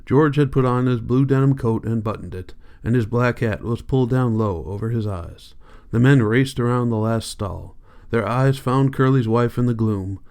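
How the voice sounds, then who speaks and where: Man reading a novel aloud, steady measured pace, audiobook narration. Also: medium pitch. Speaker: audiobook reader.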